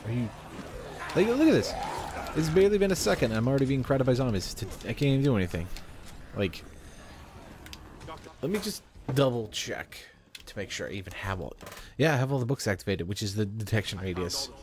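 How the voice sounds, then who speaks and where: A man's voice: mid-range voice, lively intonation, a little fast, noisy background. A man giving chatty, rambling commentary while he plays a video game, often talking to himself. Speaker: gamer. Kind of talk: let's play commentary.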